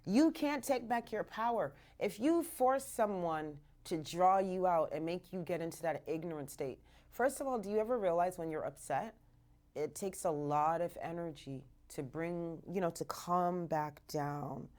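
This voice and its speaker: A woman's voice: lowish voice, moderate pace, a little mellow. A woman from Canada hosting a live radio show, talking casually and animatedly, slipping in Jamaican patois phrases, from a radio studio.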